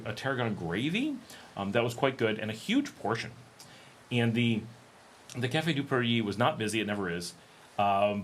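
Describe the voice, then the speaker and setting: A man's voice: medium pitch, fairly bright tone, a little hiss or hum. A middle-aged American man chatting casually on his livestream, rambling with many ums and restarts. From United States. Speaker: livestream host.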